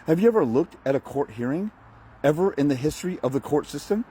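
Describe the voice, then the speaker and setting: A man's voice: fairly high pitch, animated, quick pace, warm tone, slightly rough. A man ranting bluntly and profanely to camera as a fathers' rights advocate, mocking and preachy. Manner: preachy, uses film analogies. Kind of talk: motivational rant to camera.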